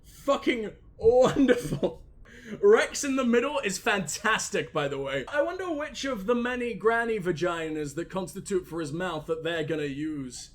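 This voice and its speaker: A man's voice: high voice, expressive, normal speed, hardly any pauses, fairly bright tone. A man doing crude, mocking game commentary, swearing constantly and talking back to the characters on screen. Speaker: gaming commentator. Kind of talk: crude comedic gameplay commentary.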